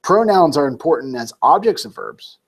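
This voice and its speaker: A man's voice: on the high side, sing-song, normal speed, husky. A man tutoring a student one-on-one, explaining points patiently and with emphasis. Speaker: Greek tutor.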